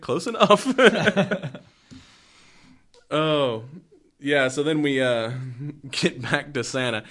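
A man's voice: fairly high pitch, extremely slow, long pauses, fairly bright tone. A man recapping a movie in a loose, rambling way, full of fillers. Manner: rambling, filler-heavy storytelling. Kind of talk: casual movie recap chat.

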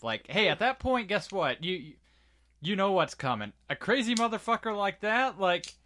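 A man's voice: high-pitched, big pitch swings, normal speed, pushed and bright. A man co-hosting a podcast in casual chat, who swears freely and riffs in a rambling way. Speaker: podcast co-host.

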